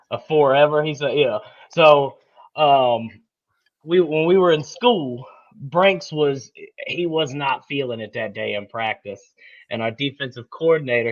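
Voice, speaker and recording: A man co-hosting a podcast, telling stories in casual chat in an animated way and laughing. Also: medium pitch, dull audio. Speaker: podcast co-host.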